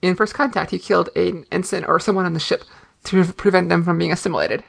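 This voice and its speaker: A woman's voice: lowish voice, fast talker, vocal fry. A woman co-hosting a podcast, chatting casually and retelling scenes by quoting the characters. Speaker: podcast co-host. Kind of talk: casual episode recap.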